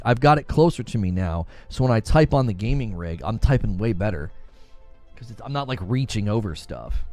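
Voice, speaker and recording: Guy streaming gaming news, mid-pitch voice, chatty and animated, faint music behind. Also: no room sound. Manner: animated, talks straight to chat. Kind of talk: casual live stream chat.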